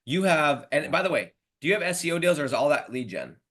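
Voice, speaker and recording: A man hosting a casual podcast interview, talking in an animated, slangy way and calling his guest dude and bro. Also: on the high side, quick pace. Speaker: podcast host and mentor.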